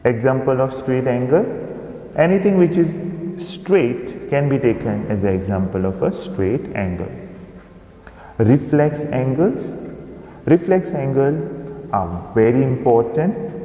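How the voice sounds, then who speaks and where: A man teaching a recorded maths lesson, explaining slowly and pointing out figures on screen. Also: mid-range voice, mellow. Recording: echoey room with long reverb.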